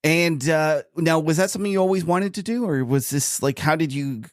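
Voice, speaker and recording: A man's voice: fairly high pitch, a little fast, dry recording, clean studio sound. A man hosting a podcast, asking questions casually and searching for his words as he goes. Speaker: podcast host.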